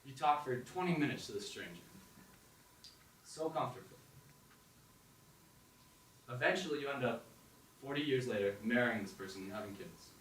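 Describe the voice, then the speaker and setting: A man's voice: mid-range voice, expressive, moderate pace, pauses often, a bit bright, slight background noise. A young man performing a story at an open mic, narrating in the second person and acting out his own inner voices. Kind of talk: spoken storytelling on stage. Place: performance hall with audience. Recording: echoey hall, distant mic, faint ambience.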